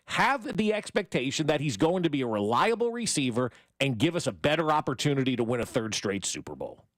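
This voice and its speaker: A man's voice: mid-range voice, very animated, fairly quick, fairly bright tone, no room sound. A man co-hosting a sports radio show, telling a story with animation and building to emphatic points. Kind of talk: casual sports talk. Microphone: studio microphone.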